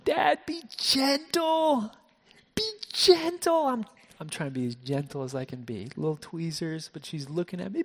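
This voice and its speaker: A man preaching a sermon as pastor, shifting between soft hushed passages and raised emphatic ones, often repeating words as he restarts. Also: mid-range voice, in a large hall. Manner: frequent word repeats and restarts.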